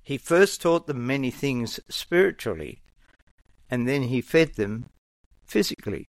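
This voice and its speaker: A man preaching a sermon in a measured, earnest way, now and then acting out the voices of the people in his story. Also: medium pitch, expressive, no echo.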